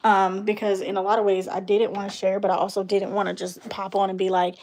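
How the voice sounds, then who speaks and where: A woman's voice: medium pitch, little pitch movement, quick pace, few pauses, a little mellow. A young woman chatting casually on her vlog, laughing often and trailing off with ums while she talks aside to her toddler. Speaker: beauty vlogger and mother.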